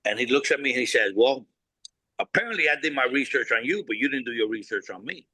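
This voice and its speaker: A bright, forceful man tells stories in an interview with no-nonsense bluntness, acting out both sides of past conversations and swearing freely. His voice is close and dry, with no room sound at all. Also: mid-range voice, lively intonation, fast, husky, no echo, low-quality recording. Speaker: cigar company founder, guest. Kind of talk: animated storytelling interview.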